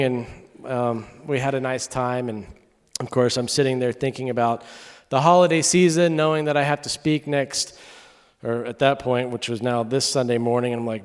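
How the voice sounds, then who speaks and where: A young man from Texas giving a sermon as a guest preacher, telling a story in a conversational, lively way. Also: medium pitch, normal speed, clear, resonant tone. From Texas, USA. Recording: long hall reverb.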